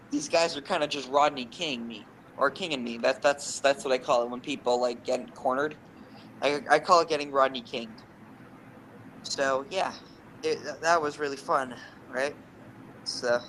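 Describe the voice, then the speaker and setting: A young man and podcast co-host telling rambling, animated gaming anecdotes, swearing freely. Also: medium pitch, measured pace, a little hiss or hum, poor audio. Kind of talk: casual storytelling.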